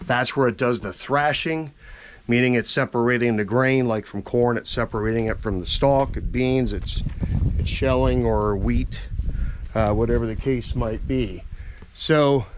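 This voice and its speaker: A man's voice: mid-range voice, measured pace, slight background noise. A man who works as an auctioneer, chatting plainly and casually as he walks around farm machinery outdoors. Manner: folksy, plainspoken, thinking aloud with fillers. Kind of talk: casual walkaround commentary.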